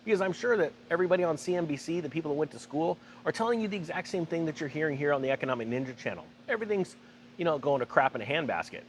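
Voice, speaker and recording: Man, finance vlog host, casual commentary, sarcastic asides, animated pitch, faint background hum. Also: very fast. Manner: emphatic, sarcastic, rambling asides.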